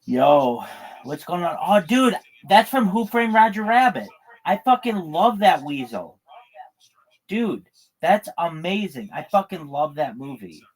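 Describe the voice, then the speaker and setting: A man hosting a livestream, casually greeting callers with loud, hyped, slangy talk. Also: high-pitched, big pitch swings, unhurried, rough recording. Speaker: livestream host.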